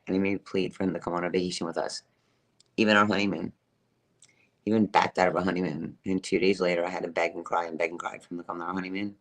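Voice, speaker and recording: A middle-aged woman telling a personal story to her live chat, emphatic, repetitive and profane, laughing as she goes. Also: a bass voice. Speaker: livestreamer.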